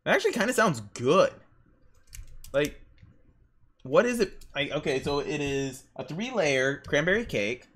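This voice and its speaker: Excitable young man chatting on stream. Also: fairly high pitch, measured pace, long pauses. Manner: rambling, excitable storytelling with exclamations. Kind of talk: casual chat while drawing on stream.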